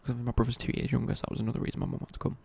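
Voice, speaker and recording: A man's voice: mid-range voice, little pitch movement, rapid-fire, gravelly, darkish tone, a little hiss or hum. A young man telling a rambling casual story in a whispered ASMR chat. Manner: rambling, casual, many fillers and restarts. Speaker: ASMR creator.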